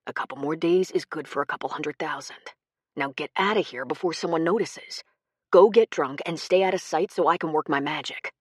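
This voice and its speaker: Brief: a woman doing a slick male swindler in an audiobook, oily charm with menace underneath, low and dry. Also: brisk, slightly rough, no echo. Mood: scheming. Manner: fake charm turning cold and cruel. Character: smooth adult male con man, menacing.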